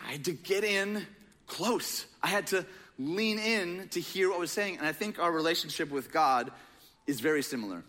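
Young male pastor, high bright voice, casual animated sermon. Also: normal speed. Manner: casual, joking, animated storytelling.

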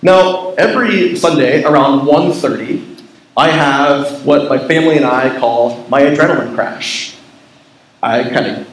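A pastor with a fairly high voice preaches in a church in a loose, chatty way. He jokes often and keeps stopping to restart his sentences with fillers. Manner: casual, joking, chatty with many fillers. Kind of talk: sermon. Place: church sanctuary.

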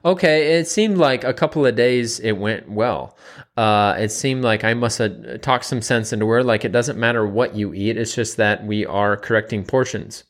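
A man's voice: fairly low pitch, moderate pace. A man, a nutrition coach, telling a story in a casual monologue, rambling with many fillers and repeats.

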